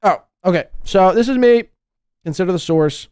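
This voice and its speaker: Male podcast host, crude mocking rant, very lively pitch, dry close sound. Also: moderate pace, clear, resonant tone, dry recording. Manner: crude, sarcastic, mocking, swings between loud outbursts and muttering. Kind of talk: ranting live podcast commentary.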